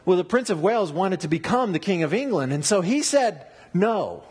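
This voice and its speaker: Guy preaching a sermon, kinda high husky voice, tells stories w lots of energy. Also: moderate pace. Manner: animated storytelling with wordplay and asides. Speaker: pastor.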